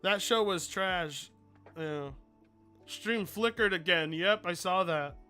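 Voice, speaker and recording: A man talks to his live stream in a loose, rambling way, swearing as he reads out donations. His voice sits high and sounds bright and forward. Faint music plays under him. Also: takes it slowly, clear, resonant tone. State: mellowed out. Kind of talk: casual livestream chat.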